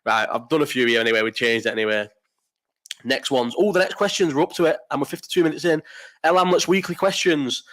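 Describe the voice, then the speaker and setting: Young bloke hosting a live stream: blunt, sweary, rambling chat with plenty of restarts. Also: male voice, on the high side, fast, a bit bright.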